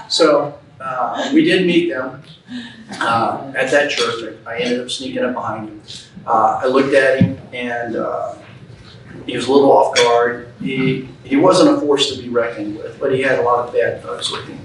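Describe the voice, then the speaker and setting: A man's voice: medium pitch, normal speed, very noisy. A man giving a talk to a club audience, telling a story in a folksy, plainspoken way and acting out the quoted lines. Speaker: guest speaker. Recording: echoey room, speaker far from mic.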